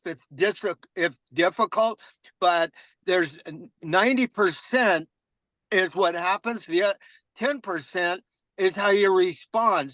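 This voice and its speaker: A man's voice: high voice, bright, forceful tone, dry recording, low-quality recording. A man earnestly telling a motivational story on a group call and repeating key phrases. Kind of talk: casual group call sharing.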